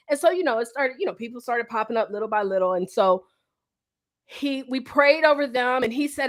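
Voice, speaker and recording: A woman hosting a livestream, telling a story in an animated way and talking to viewers as y'all. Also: sits high, fairly quick. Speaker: host. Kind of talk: livestream talk.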